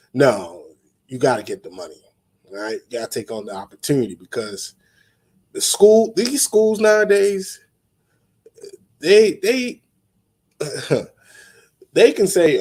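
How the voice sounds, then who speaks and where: A man's voice: medium pitch, very animated, slow pace, long pauses, darkish tone. A man hosting a sports talk show, giving blunt opinions in a casual monologue, restarting phrases often and chuckling. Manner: blunt, repetitive, chuckling, frequent restarts and fillers.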